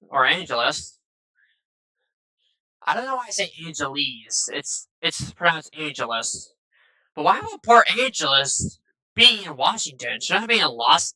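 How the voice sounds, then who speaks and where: A gaming video creator records casual, rambling gameplay commentary on a gaming headset at his home PC, adding "though" and "and stuff" to almost every phrase in chatty asides to viewers. His high voice sounds pushed and bright. The recording is rough, with no room sound.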